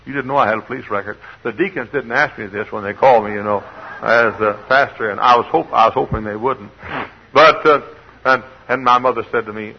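An older man from Texas, preaching a folksy sermon with dramatic swings from hushed to shouting. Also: fairly low pitch, steady tone, fairly quick, creaky, a little hiss or hum. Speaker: pastor. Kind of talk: sermon with storytelling. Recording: dull lo-fi sound.

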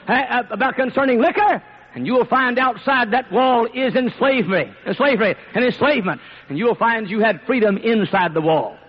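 High husky preacher guy, emphatic and repetitive, shouts here and there, muffled old recording. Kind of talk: sermon. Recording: dull lo-fi recording.

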